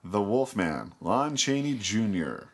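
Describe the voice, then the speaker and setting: A co-host in a casual film podcast, wry and full of trivia. The voice sits very low. Points come in a loose, explanatory flow. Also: big pitch swings, takes it slowly, heavy background noise. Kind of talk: casual chat about classic films.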